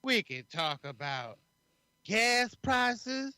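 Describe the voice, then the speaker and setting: A man putting on a slow, mock-sincere pundit voice for a comic podcast impression, pitched a bit above his usual talk. The words are drawn out and the delivery is bright and forceful. The sound is dry and close. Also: very animated, clean tone, no echo, exaggerated voice. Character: man mimicking a woman pundit's mocking delivery.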